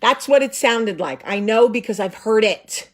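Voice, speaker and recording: A show host in her thirties tells a comic story dramatically, with profanity and emphasis. Her voice is a little high and expressive, at a moderate pace.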